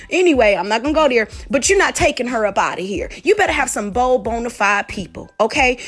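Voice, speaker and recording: A woman's voice: on the high side, very animated, fairly quick, few pauses, soft background music. Fervent woman preaching her testimony. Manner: fervent, repeats phrases, calls out to listeners. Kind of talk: impassioned sermon testimony.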